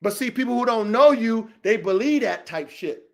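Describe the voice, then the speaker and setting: Man, high voice, dog-training show host, heated podcast rant, profane, repetitive, confrontational. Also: animated, moderate pace, creaky.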